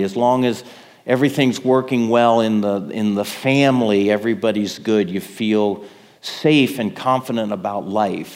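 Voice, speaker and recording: A man's voice: on the low side, darkish tone, big-room sound. A man preaching a sermon in a conversational way, checking in with his listeners. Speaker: pastor.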